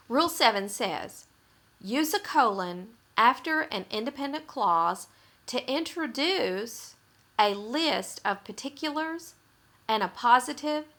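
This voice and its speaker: A woman teaches a grammar lesson in a bright, slightly high voice. She speaks slowly and patiently, restating each point so it sinks in. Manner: patient, explanatory, repeats points for emphasis. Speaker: writing teacher. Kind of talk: explaining grammar rules in a recorded lesson.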